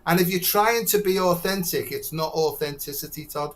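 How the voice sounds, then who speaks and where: A man's voice: on the high side, normal speed, a bit bright. A man, a doctor talking as a guest in a casual, earthy and blunt way, swearing freely. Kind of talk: casual conversation.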